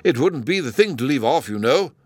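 A man voicing a kindly, excitable old male professor with a fussy, chirpy manner. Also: mid-range voice, a little fast, breathy edge, no echo, studio quality, pitched above the performer's own voice. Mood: fussy, cheerful.

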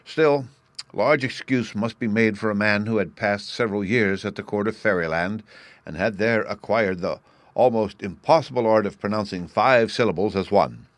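A man reading a classic novel aloud as narrator, in a measured storytelling manner. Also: lowish voice, no echo.

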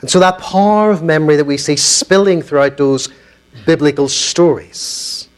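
Poor audio captures a fairly high-pitched man from Belfast, a minister delivering a public lecture. Earnest and measured, he tells stories and pauses to stress key words.

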